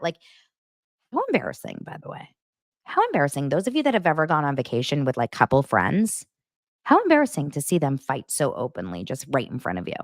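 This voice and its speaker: Low-voiced chatty woman podcaster. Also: huge pitch swings, fairly quick, no room sound, studio quality. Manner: chatty, gossipy, filler-heavy. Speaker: podcast host. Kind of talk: casual recap chat.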